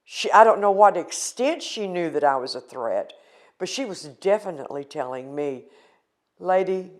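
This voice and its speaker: A woman's voice: lowish voice, lively intonation, normal speed. An older woman from the United States recounting a painful personal experience in an earnest, emotional interview.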